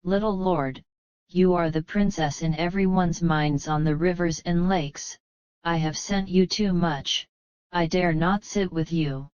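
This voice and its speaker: Brief: mischievous boy hero in a storybook, voiced by a woman. Slow, clean delivery, slightly muffled sound. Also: on the low side, fairly even intonation, a little mellow, clean tone, no room sound, close to an everyday voice. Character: cheeky mischievous young male martial hero.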